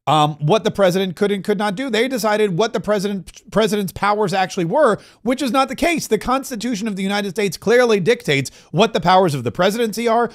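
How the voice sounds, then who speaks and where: Male political podcast host, high-pitched, sarcastic and mocking, loose unscripted delivery. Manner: sarcastic, mocking asides and quips; loose, restarts mid-sentence. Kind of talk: opinionated political commentary.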